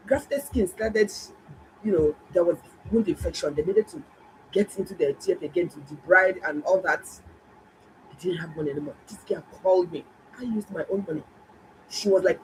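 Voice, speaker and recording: A woman doctor, telling viewers a story in a casual, animated and emphatic way. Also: medium pitch, a little hiss or hum, poor audio. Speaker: doctor and health vlogger.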